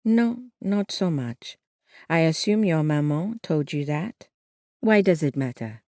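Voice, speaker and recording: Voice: mid-range voice, lively intonation, slow pace, mellow, dry recording, clean studio sound. A narrator voicing an older woman shopkeeper who speaks with a faint French accent, in a polite, guarded way.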